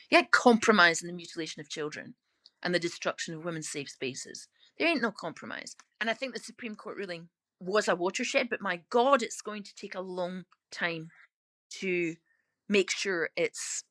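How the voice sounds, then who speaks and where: Bright-voiced outspoken Scottish woman. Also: medium pitch, no room sound. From Scotland. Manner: emphatic and outspoken, quick laughs. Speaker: interviewee, author turned lorry driver. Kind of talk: casual interview talk.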